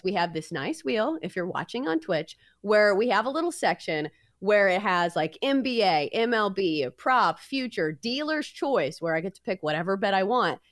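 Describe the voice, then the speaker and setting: Female co-host, animated pitch, playful game-show energy. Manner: playful, sing-song game-show hype. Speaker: podcast co-host. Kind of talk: casual sports betting chat.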